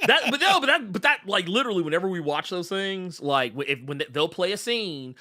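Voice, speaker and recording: A man hosting a podcast in a casual chat, animated and rambling, laughing often. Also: high voice, fairly quick. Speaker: podcast host.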